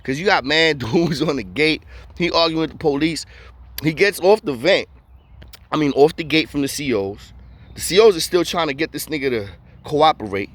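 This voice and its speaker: A man's voice: fairly high pitch, lively intonation, moderate pace. A man telling a story in a casual way, full of street slang and acting out the voices of the people in it.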